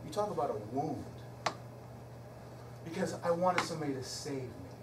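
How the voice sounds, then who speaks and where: A man's voice: a little high, normal speed. Man telling a story in an echoey hall. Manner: animated, shifts between loud excitement and hushed emotion. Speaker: guest speaker and musician. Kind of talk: storytelling lecture. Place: lecture hall. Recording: echoey hall from far off, noisy.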